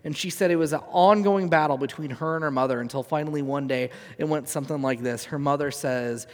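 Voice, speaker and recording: A man's voice: a little high, fairly quick. A man in his thirties, a pastor giving an earnest sermon in a conversational, filler-rich way. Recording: long reverb of a hall.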